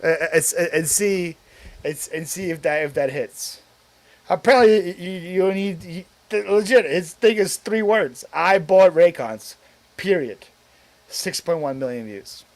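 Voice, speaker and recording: A man's voice: high-pitched, animated, measured pace, dry recording. A man hosting a casual live stream, rambling with lots of filler words and reading viewer comments aloud before answering them.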